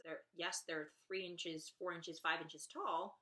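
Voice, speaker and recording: A woman's voice: on the low side, fairly even intonation, slow, bright, forceful tone. A young woman vlogging a casual rant, exasperated and sarcastic, swearing freely.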